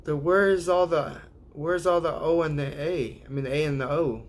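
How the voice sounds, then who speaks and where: A man's voice: on the high side, normal speed. A man hosting a casual livestream, rambling and hesitant, laughing often as he sounds out viewers' names. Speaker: livestream host.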